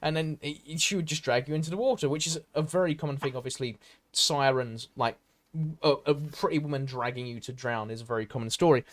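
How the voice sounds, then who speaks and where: A man's voice: medium pitch, fast talker, a bit bright. A British man hosting a casual podcast, telling folklore stories in a rambling, enthusiastic way with lots of fillers. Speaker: podcast host. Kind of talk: casual chat.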